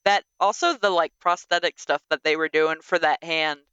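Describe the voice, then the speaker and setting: Bright crisp-sounding woman, podcast cohost, casual chatty review, super animated, lots of "like". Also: deep voice, normal speed, no room sound, dull audio. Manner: animated, exclamatory, fillers with "like". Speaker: podcast co-host.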